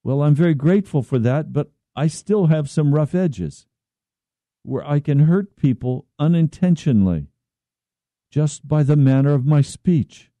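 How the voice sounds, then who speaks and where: A man preaching a slow, earnest radio sermon as pastor, at times pleading in prayer. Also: on the high side, lively intonation, mellow, no echo.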